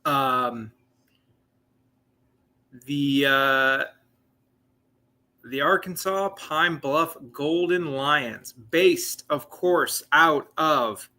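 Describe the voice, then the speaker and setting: A man's voice: a little high, very slow, pauses often, sharp tone. A man in his late twenties hosting a live sports talk show, rambling and chatty with many fillers and asides. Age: 20s. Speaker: sports podcast host.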